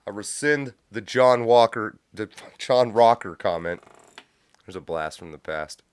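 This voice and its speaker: A man's voice: fairly low pitch, measured pace, clear, resonant tone, no echo, clean studio sound. Blunt, profane man ranting on a live stream. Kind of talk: profane live reaction commentary. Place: home studio with a cat nearby. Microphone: studio mic with pop filter.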